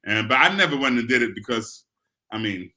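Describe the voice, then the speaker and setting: A man with a South Bronx New York accent, hosting a casual interview and telling stories in an animated way. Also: mid-range voice, brisk. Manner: animated, storytelling.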